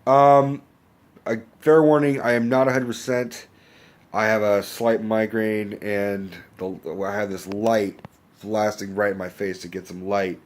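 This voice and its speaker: A man's voice: fairly low pitch, flat delivery, unhurried. A man hosting a casual movie review rant, rambling and swearing, with a cough and a sore throat, recorded on a handheld phone. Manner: rambling, swears freely, self-correcting. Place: indoors under a bright lamp. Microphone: handheld phone camera.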